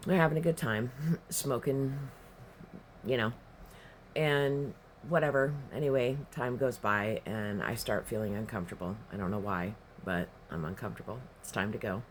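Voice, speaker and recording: A man's voice: mid-range voice, moderate pace, slight background noise. A man telling a personal story in a rambling, profane, emphatic way, with casual spoken delivery. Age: adult, past his teens.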